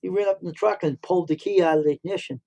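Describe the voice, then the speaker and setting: A man's voice: high-pitched, rapid-fire, dark tone, low-quality recording. A middle-aged man hosting a livestream, telling rambling stories and repeating himself. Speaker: livestream host. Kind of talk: casual storytelling.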